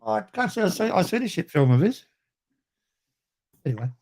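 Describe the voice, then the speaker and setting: A man talks bluntly over a voice call, cursing freely and speaking his mind. His voice sits a little high for a man. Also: very animated, a little fast, gravelly, a little mellow. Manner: blunt, crude, swears a lot. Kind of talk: casual online voice chat.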